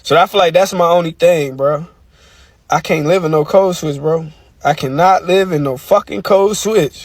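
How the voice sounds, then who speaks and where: A man's voice: on the high side, normal speed, no room sound, recorded from a distance. A man ranting casually to camera, profane and emphatic, repeating his point.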